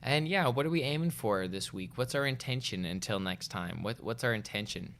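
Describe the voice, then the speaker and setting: A man's voice: mid-range voice, animated, fairly quick, fairly bright tone, a little hiss or hum. A man co-hosting a podcast in a casual, playful and joking way. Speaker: podcast co-host.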